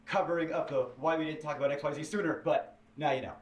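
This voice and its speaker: A man tells a story in an interview in a chatty, halting way and gets animated as it builds. His voice is slightly high. The recording is roomy and distant, as if he sits away from the mic. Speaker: guest in an interview, former writer. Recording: distant, roomy interview audio played on stream.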